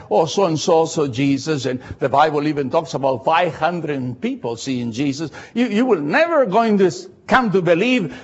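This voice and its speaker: A man with a Latin American Spanish accent preaching a sermon, impassioned and repeating phrases, swinging from loud cries to low asides. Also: muffled recording.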